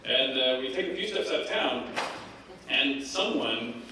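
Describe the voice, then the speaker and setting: Man telling a lively story in an echoey hall. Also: medium pitch, slight background noise. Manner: lively storyteller, laughs often, acts out the quoted voices. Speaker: game developer telling a story on a panel. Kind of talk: animated anecdote at a live event. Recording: echoey hall, voice from far off, background ambience.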